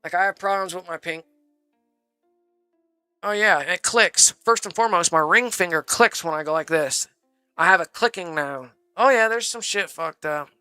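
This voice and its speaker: Man, live streamer, rambling and profane, bright edgy tone, dry close sound, faint music behind. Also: sits high, moderate pace, clear, resonant tone, no room sound. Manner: rambling, profane, says "bro" constantly. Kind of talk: casual storytelling on a live stream.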